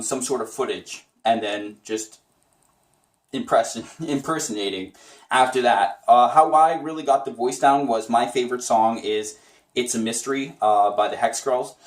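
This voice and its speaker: A man's voice: mid-range voice, reverberant. A man giving a casual, chatty tutorial on doing a cartoon voice, enthusiastic and rambling. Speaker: voice impression tutor.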